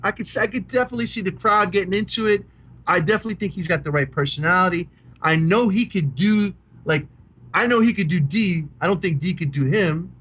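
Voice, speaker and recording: Middle-aged new guy rambling excitedly about rock bands, swears a lot, kinda high voice. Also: fairly quick, breathy edge. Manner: enthusiastic, rambling, swears casually. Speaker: podcast co-host. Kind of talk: casual chat about rock music.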